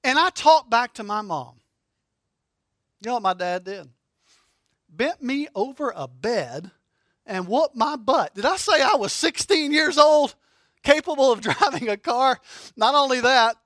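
A middle-aged man preaching a sermon, animated and humorous, asking rhetorical questions. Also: very high-pitched, measured pace, no room sound, studio quality. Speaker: pastor.

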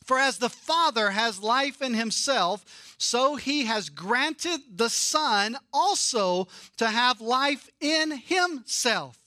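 A man preaching a sermon with emphatic delivery, rising to loud stresses and dropping to quiet asides. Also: very high voice, expressive, takes it slowly, dry recording, clean studio sound. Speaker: pastor.

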